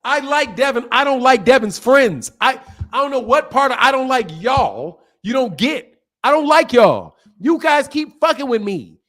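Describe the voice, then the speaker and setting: A man's voice: extremely high pitch, sing-song, normal speed, fairly bright tone. A man hosting a boxing channel, talking bluntly and profanely and repeating himself as he rants at his viewers in heated casual commentary.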